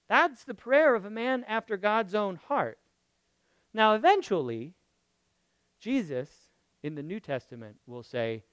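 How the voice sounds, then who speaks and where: Animated, high-pitched male preacher. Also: a little slow, long pauses, smooth, dry recording. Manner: expressive, swings from loud emphasis to near whisper, repeats phrases. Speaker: pastor. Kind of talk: sermon.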